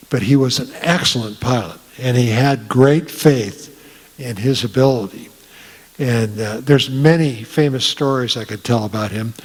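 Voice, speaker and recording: Older male speaker, unhurried anecdotes in a reverberant hall. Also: mid-range voice. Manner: folksy storytelling, frequent "uh" pauses. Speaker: guest speaker. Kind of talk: casual talk to an audience. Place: meeting room.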